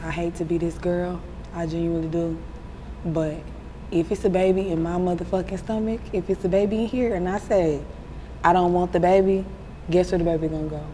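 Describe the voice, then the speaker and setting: A woman's voice: on the low side, brisk, a little hiss or hum. A woman in her twenties with an Atlanta accent, telling stories bluntly and profanely as an interview guest. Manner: blunt, profane, animated storyteller. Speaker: rapper guest. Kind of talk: casual interview storytelling.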